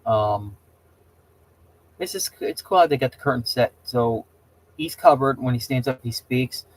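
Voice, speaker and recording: Man, middle-aged, casual rambling host chat, opinionated, stammering restarts, mid-pitched voice. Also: animated, unhurried, no room sound, poor audio. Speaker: host chatting with viewers.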